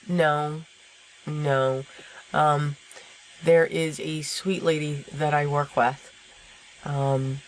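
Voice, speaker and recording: A low-pitched woman talks through a card-making tutorial in a casual, rambling voice-over, full of ums and asides about herself. Her talk is relaxed and unscripted, and a faint hiss sits under the recording. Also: low-quality recording. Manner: chatty, rambling, self-deprecating, many fillers. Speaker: card-making channel host. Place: home craft room. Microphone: voice-over recorded at a desk.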